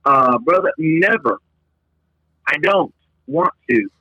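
A man's voice: fairly high pitch, very animated, takes it slowly, vocal fry, dry recording, muffled recording. A man co-hosting a podcast, chatting casually and rambling, trailing off mid-thought. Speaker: podcast co-host.

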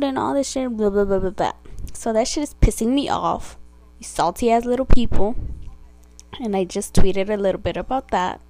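A woman's voice: medium pitch, animated, normal speed, warm tone, no room sound. A teenage girl talking in a brash, profane, indignant rant on her own casual vlog. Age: teens. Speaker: podcast vlogger. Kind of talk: casual ranting monologue.

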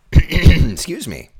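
A man with a hoarse, recovering voice, hosting a casual live weather chat and reading out viewer comments. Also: a little high, darkish tone. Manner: chatty, jokey, reads out viewer comments.

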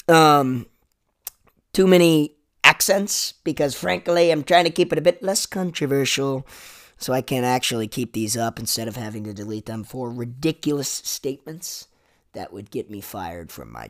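A man's voice: medium pitch, very animated, moderate pace, a bit bright. A young man hosting a podcast, ranting sarcastically with lots of swearing, "like" and "dude". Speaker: podcast host. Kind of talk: comedic rant monologue.

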